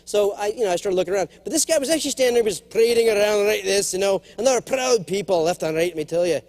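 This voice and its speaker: A middle-aged man giving a humorous motivational keynote speech to a large conference, jokey and animated, slipping now and then into character voices. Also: high voice, very fast. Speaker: keynote speaker.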